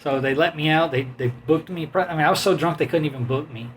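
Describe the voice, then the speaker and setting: A man's voice: a little high, fast. Man telling a rambling bar story. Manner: rambling, animated anecdote with quoted voices and laughs. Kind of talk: casual storytelling chat.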